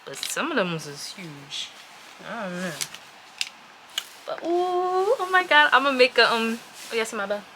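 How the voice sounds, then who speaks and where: A woman vlogger casually chatting to her viewers as she unboxes items, getting easily excited. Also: fairly high pitch, measured pace. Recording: noisy room with packaging crinkles.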